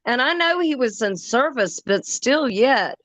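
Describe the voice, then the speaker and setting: A woman sharing opinions in a casual conversation, earnest and a little repetitive as she works through her thoughts. She talks slowly in a slightly high voice, recorded dry and close with no room sound. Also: animated, a bit bright, dry recording. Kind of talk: casual chat.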